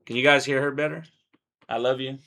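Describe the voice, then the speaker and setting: Male streamer host, gravelly voice, loud casual banter, medium pitch. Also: fairly even intonation, fairly quick. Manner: loud, slangy, joking banter. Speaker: livestream host. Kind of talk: casual livestream chat. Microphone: desk microphone being adjusted.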